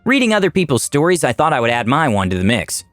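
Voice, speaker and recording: A man narrating reddit stories aloud in a wry, expressive scripted reading. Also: mid-range voice, quick pace, no room sound. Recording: dry voice-over with faint music.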